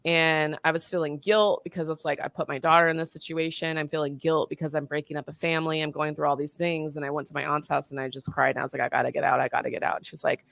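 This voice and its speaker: Low-voiced woman telling a story. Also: quick pace, vocal fry, hardly any pauses. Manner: animated, acts out quoted dialogue. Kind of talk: casual storytelling.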